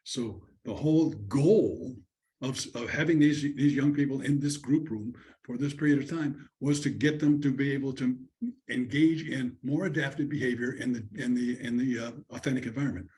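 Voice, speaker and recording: A man's voice: medium pitch, normal speed, dark tone. A man giving an online conference lecture on counseling students, talking conversationally and acting out what a student and a counselor would say. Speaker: conference presenter. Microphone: video call.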